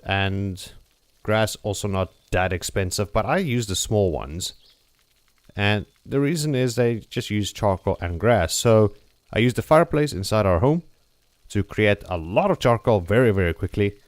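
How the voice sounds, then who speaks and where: Male gameplay host, slightly low voice, casual joking explainer, dry close-mic sound. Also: no room sound. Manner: chatty, jokey, explains step by step with frequent "okay?".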